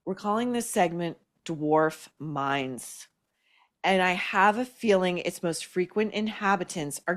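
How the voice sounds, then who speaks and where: Woman commentary host, slightly low, blunt, scathing, sarcastic. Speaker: podcast host. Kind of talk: opinion commentary.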